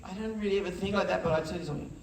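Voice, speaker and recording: Far from the mic, amid background noise and hall echo, a middle-aged film director speaks in a high, rapid-fire voice with vocal fry. On stage at a festival conversation before an audience in a large hall, he tells stories with animation and performs the quoted lines.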